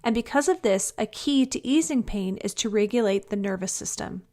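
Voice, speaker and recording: A woman's voice: medium pitch, normal speed, mellow. Woman reading a scripted episode intro. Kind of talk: scripted narration.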